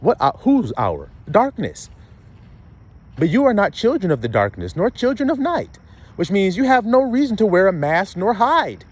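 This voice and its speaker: A man delivers a blunt, profane sermon, firing question after question at his listeners. His pitch leaps high and drops low as he builds each point. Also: sing-song, moderate pace, a little mellow, breathy edge. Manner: blunt, profane street preaching with rhetorical questions. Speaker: preacher.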